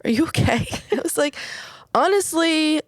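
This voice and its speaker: A woman's voice: lowish voice, a little slow, smooth, no echo, clean studio sound. A woman, telling a personal story in casual podcast chat, full of "like" and "whatever" and the odd swear. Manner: candid storytelling, frequent "like" and "whatever".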